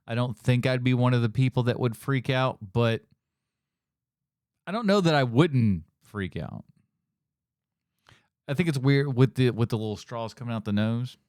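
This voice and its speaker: A man's voice: medium pitch, moderate pace, pauses often, a little mellow, smooth, no room sound, studio quality. A man hosting a podcast, chatting casually and joking as he reacts, rambling with restarts. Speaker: podcast host reacting to a show. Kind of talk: casual chat.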